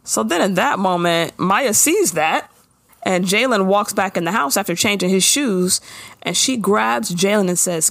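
A woman's voice: mid-range voice, unhurried, gravelly, dry recording. A woman co-hosting a podcast, recapping a TV episode in blunt, profane casual chat. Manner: blunt, profane, animated storytelling.

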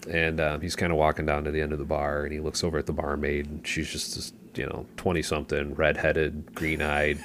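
A man's voice: extremely low pitch, completely flat delivery, fairly quick, few pauses, a bit bright, slight background noise. A man co-hosting a podcast, chatting casually and telling long jokes and stories in a laid-back way. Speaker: podcast co-host. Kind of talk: casual chat, storytelling.

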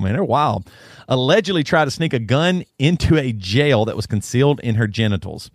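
Man reading news with lively pitch. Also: no room sound, studio quality. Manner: keeps breaking into laughter while reading. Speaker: podcast host. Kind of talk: casual chat, reading a news story aloud.

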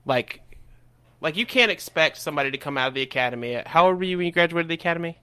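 A man's voice: a little high, expressive, very fast, bright, forceful tone, clear, resonant tone. A man, a former enlisted sailor on a podcast, talking in a frank, profane and opinionated way. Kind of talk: casual chat.

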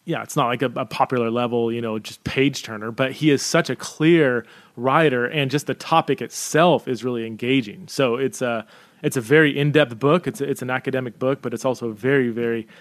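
A man at an ordinary middle pitch, chatting casually as he recommends books. He halts often, filling gaps with ums and uhs and restarting his sentences. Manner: halting, many fillers and restarts. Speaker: book reviewer. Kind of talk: casual book recommendation talk.

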